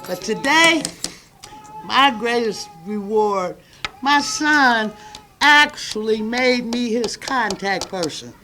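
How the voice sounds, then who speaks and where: A woman's voice: a little high, expressive, slow. A woman in her sixties gives a wry, emphatic graduation speech at a courtroom ceremony, her voice tearful. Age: 60s. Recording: noisy room with crowd behind.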